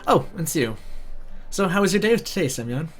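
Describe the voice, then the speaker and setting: A man's voice: on the high side, animated, moderate pace, faint music behind, pitched above the performer's own voice, close to an everyday voice. A man voicing a stern adult woman who runs a summer camp.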